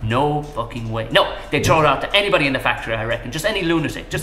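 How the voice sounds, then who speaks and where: A man's voice: mid-range voice, expressive, very fast, pushed and bright, roomy sound, a little hiss or hum. A man holding forth in a profane comic rant to a stranger at the pub. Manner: profane, ranting, conspiratorial. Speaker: pub regular in a comedy sketch.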